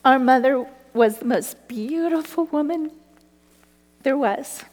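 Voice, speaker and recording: A woman's voice: high-pitched, slow, a little mellow. Earnest woman storyteller in a reverberant space. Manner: earnest, breaks into laughter as the story builds. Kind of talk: personal faith storytelling.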